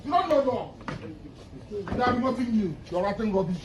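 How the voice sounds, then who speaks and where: A man, a defendant shouting defiantly in a crowded courtroom, repeating his protests over and over. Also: sits high, lively intonation, brisk. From Nigeria. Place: busy courtroom. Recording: echoey, distant, with crowd noise.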